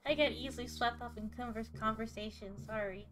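Playful woman streamer, higher voice. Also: fairly even intonation, a little fast, a bit bright. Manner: laughs often, dry and playful. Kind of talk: playing a detective game, reading dialogue with a co-player.

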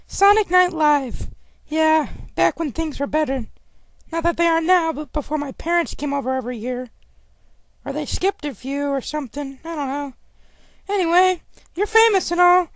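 A woman's voice: extremely high pitch, no echo, poor audio. A woman voicing a young male hedgehog who rambles and complains with lots of "you know.". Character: young male hedgehog, whiny, easily annoyed.

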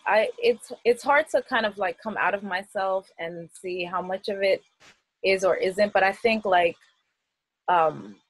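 A woman's voice: medium pitch, poor audio. A middle-aged woman with a Queens accent, chatting in a video-call interview, laughing often and using many fillers. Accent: New York, Queens. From United States. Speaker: festival artist guest. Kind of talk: casual interview.

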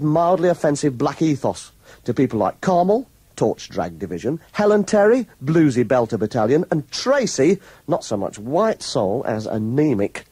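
Brief: male broadcaster, slightly high, husky, dry studio sound, chuckling sarcasm. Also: dark tone, no room sound. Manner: gleeful, mocking, chuckles often. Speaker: radio show regular, review commentator. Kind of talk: chatty radio talk, reading reviews aloud. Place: radio studio.

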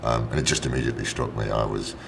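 A man, an actor, answering interview questions, halting and often repeating words as he thinks aloud. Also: rumbling low, steady tone, vocal fry, background noise. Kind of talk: press junket interview.

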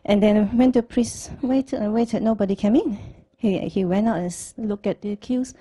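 A woman's voice: mid-range voice, moderate pace, dark tone, husky. A woman telling a joke to a group in simple phrasing, chuckling as she goes.

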